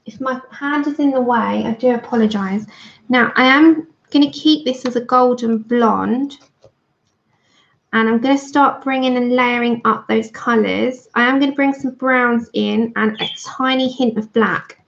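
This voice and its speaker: A woman's voice: fairly high pitch, vocal fry. A woman chatting casually to her livestream viewers while she colours, thanking them by name. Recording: dull lo-fi stream audio.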